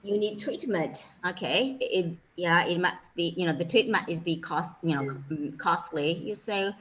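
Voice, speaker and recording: A woman's voice: lowish voice, normal speed, a bit bright, low-quality recording. A woman with a Chinese accent, a Chinese language teacher giving an informal lecture, filling her talk with "you know" and "okay".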